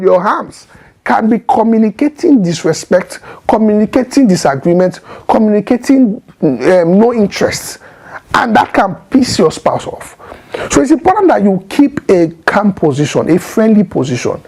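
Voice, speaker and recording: An emphatic man talks about marriage straight to the camera, his voice gravelly and a bit husky. His pitch swings widely as he repeats key points and acts out tones of voice. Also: expressive, normal speed, warm tone, rough recording. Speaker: marriage advice speaker. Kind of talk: direct-to-camera advice talk.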